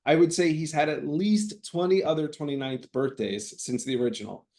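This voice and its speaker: A man reading his own personal essay aloud, with wry, deadpan comic timing. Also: a little high, moderate pace. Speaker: writing fellow reading his work.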